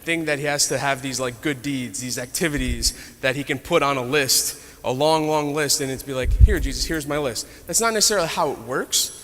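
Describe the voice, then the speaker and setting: A man's voice: a little high, fairly bright tone. A man teaching an adult Bible study class in a conversational way, retelling stories with asides. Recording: echoey hall reverb.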